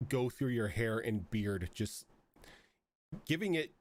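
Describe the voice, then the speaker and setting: A man's voice: on the low side, expressive, slow pace. A man narrating as game master of a tabletop game, rambling with frequent fillers.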